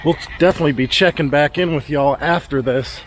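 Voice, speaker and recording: A fairly high-voiced man chats through a casual outdoor farm vlog. He sounds a little out of breath as he hurries, and he talks straight to his goats. Faint outdoor noise sits behind him. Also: a little fast. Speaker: homesteading vlogger.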